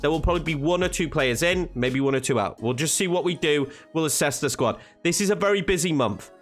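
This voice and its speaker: A man commentating his own football video game match, swinging between hushed tension and frustrated outbursts. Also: a little high, lively intonation, fairly quick, faint music behind. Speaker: gaming YouTuber.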